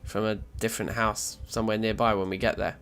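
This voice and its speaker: A man's voice: fairly low pitch, level tone, quick pace, a bit bright, a little hiss or hum. A man narrating his game session as a let's play host, chatty and self-mocking, thinking aloud as he plays. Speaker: gaming channel host.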